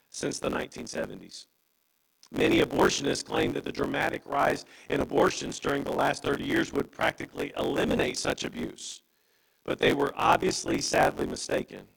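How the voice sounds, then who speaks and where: Gravelly impassioned pastor preaching. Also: male voice, fairly bright tone, low-quality recording. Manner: impassioned preaching with wide pitch swings. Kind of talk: sermon.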